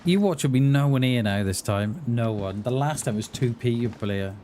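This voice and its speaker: A man's voice: medium pitch, expressive, normal speed, warm tone, slight background noise. A man chatting playfully with viewers while livestreaming a game. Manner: playful, jokey banter with chat. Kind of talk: casual chat while gaming.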